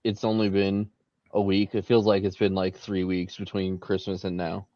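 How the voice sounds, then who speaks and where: A man's voice: sits low, monotone, moderate pace, dark tone, dry recording, dull audio. A laid-back man chatting casually on a podcast, giving short, easy replies. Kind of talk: casual chat.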